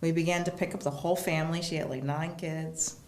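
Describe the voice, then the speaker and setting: A woman with a low, gravelly voice tells a long personal story in conversation, bringing the people she quotes to life. She sounds like she is in a roomy, echoing space. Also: steady tone, brisk. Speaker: guest. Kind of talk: storytelling in a casual interview.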